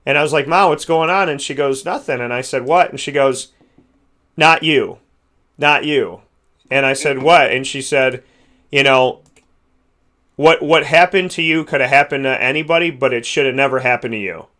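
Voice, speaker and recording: Man, podcast host, bright voice, earnest, rambling, heartfelt. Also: medium pitch, a little fast. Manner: earnest, rambling with many restarts.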